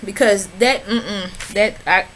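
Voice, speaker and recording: A woman's voice: mid-range voice, steady tone, slow, a bit bright, a little hiss or hum, poor audio. A woman recapping a reality show in casual, sassy commentary, talking back at the screen and chatting to her viewers. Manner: chatty, addresses viewers as y'all. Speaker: reality TV reviewer.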